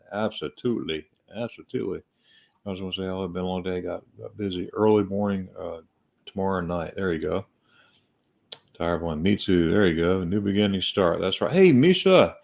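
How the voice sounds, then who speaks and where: A man's voice: lowish voice, a little mellow. A middle-aged man, chatting casually and rambling with many fillers as he greets his livestream viewers. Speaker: vlogger hosting a livestream. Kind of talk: casual chat. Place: in a car, then indoors at night.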